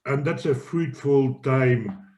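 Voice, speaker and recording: A man's voice: mid-range voice, slow pace, darkish tone. Man sharing in a group call. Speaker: group member. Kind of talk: casual group discussion.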